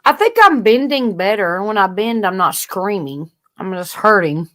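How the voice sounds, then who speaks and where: A woman's voice: mid-range voice, lively intonation, normal speed, bright, forceful tone. A woman hosting a casual live-stream chat, loose and blunt with slang and mild cursing. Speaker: livestream host.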